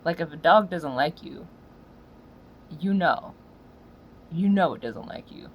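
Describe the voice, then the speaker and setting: A woman's voice: lively intonation, slow pace, highs cut off, slight background noise. Woman on a sweary slangy rant. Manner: swings from low muttering to loud yelling. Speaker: solo podcaster. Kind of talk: profane ranting monologue.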